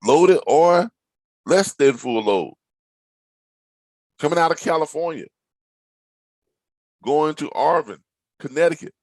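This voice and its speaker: A man, a logistics trainer walking viewers through a load board, animated and playfully dramatic with teasing asides. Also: on the high side, slow, long pauses, dry recording, rough recording. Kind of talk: screen-share tutorial talk.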